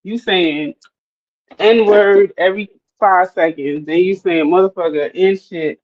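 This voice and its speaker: A man's voice: high-pitched, measured pace. A man with a New York accent, a laid-back, teasing guest in a casual livestream chat. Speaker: call-in guest. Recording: dull lo-fi call audio.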